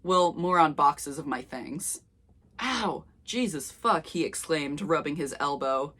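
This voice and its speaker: A young woman with a low voice reads an old story aloud. She keeps stopping to add wry comments and laughs at her own writing. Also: unhurried, fairly bright tone. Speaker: youtuber.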